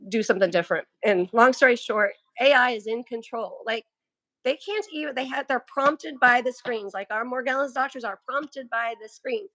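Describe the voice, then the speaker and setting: A woman's voice: fairly high pitch, fairly bright tone, no echo. A woman chatting casually and telling a story, often laughing, and losing her voice. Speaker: livestream co-host. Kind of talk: casual chat.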